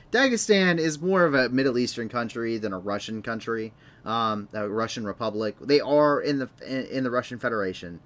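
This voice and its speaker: A man's voice: mid-range voice, a bit bright. A young man hosting a live online news show, commenting off the cuff in a rambling, sarcastic way with many restarts.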